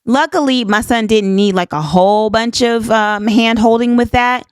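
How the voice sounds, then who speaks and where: In her casual podcast monologue, a woman in her fifties speaks with earnest, folksy emphasis, using "honey child" and "y'all" and repeating herself to stress her points. Her voice is a little high and smooth, at normal speed, with no room sound.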